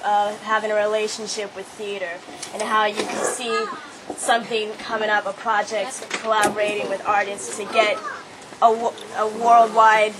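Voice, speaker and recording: A woman's voice: mid-range voice, level tone, normal speed, noisy background. A woman in the audience, an actor, asking a question politely with some hesitation. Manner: polite, slightly hesitant with fillers. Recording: live crowd in a store.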